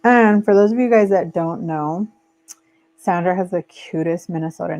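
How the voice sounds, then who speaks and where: A woman's voice: lowish voice, normal speed. A woman hosting a casual live stream, chatting lazily while she crafts and reads viewer comments aloud. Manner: relaxed and lazy, trailing off with fillers. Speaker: livestream host. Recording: dull lo-fi stream audio.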